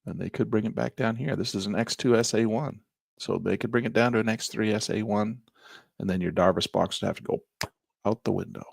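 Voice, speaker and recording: A man teaching trading as he walks through a chart, in a folksy, animated way with slangy asides. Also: lowish voice, a little fast, vocal fry, slightly rough, dry recording, clean studio sound. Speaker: trading instructor. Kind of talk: chart-walkthrough lesson.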